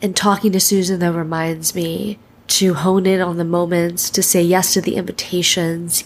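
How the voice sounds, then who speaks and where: A woman's voice: lowish voice, slight background noise. A woman hosting her podcast, speaking in an earnest, emotional, reflective way as she introduces the episode. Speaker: podcast host. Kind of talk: heartfelt podcast intro monologue.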